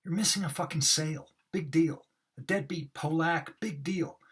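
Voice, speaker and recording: A loud, pushy salesman, bitter and brash, put on in an overacted read by a man. The voice sits noticeably higher than his normal talk and comes out husky, hammering every line. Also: normal speed. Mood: scornful.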